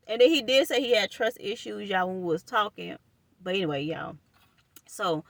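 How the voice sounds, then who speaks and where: Young woman, bright and forceful voice, animated storytime chat, dry close phone mic. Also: mid-range voice, normal speed, vocal fry, no room sound. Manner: animated, addresses viewers as y'all. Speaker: vlogger telling a personal story. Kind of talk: casual storytime chat to viewers.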